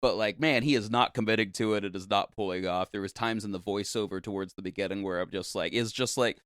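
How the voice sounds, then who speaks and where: A man's voice: lowish voice, fast, a bit bright, smooth, no room sound, clean studio sound. A man co-hosting a casual movie review podcast, joking around and laughing often. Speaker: podcast co-host.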